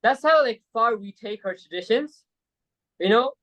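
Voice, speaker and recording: A man's voice: extremely high pitch, lively intonation, normal speed, highs cut off. A man from Saudi Arabia, a podcast guest telling a story in a casual chat, rambling with lots of fillers and tag questions. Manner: rambling, peppered with "like" and "right?".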